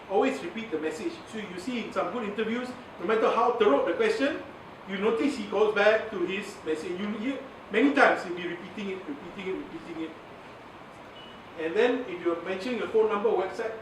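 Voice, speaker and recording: A man with a Malaysian English accent giving a chatty workshop lecture, laughing often and mixing in Malay words. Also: high-pitched. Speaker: media communication trainer. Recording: echoey, from far off, noisy.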